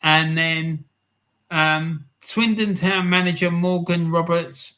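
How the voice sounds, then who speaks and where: A man hosting a casual live football stream, reading out scores and viewer comments in a chatty, excitable way. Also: a little high, slow pace.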